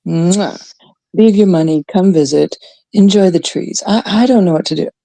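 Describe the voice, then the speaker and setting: Chatting with her viewers on a casual livestream, a Canadian woman goes on blunt, animated, profanity-laced rants. She speaks at a moderate pace in a fairly low voice, and the recording is dry.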